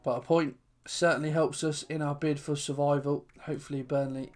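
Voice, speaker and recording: A man's voice: on the high side, little pitch movement, brisk, darkish tone. Man commentating his football game. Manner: commentates on his own match, then recaps and signs off. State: out of breath. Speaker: gaming channel host.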